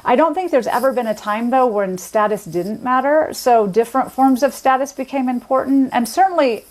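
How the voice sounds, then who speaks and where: A woman speaking as a linguist guest, explaining in a measured conversational way with the odd filler. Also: sits high, darkish tone.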